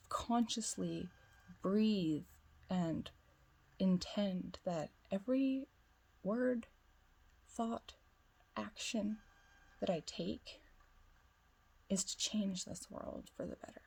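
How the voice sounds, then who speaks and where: Her mid-range voice is mellow and slightly rough, with vocal fry. As a twin flame spiritual guide vlogging, she sounds self-assured, wandering through a lengthy personal story in casual talk heavy with "like" fillers.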